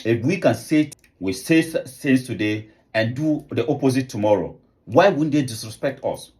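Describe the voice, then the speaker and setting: A man's voice: medium pitch, expressive, moderate pace, a little mellow. A man from Africa delivering opinion commentary, insistent, piling up rhetorical questions and repeating words as he presses his point. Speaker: political commentator.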